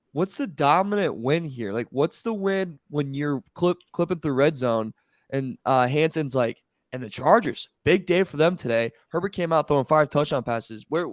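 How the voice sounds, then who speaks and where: A man co-hosting a sports podcast, animated and incredulous in casual chat. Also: on the high side, dry recording, clean studio sound. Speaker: podcast co-host.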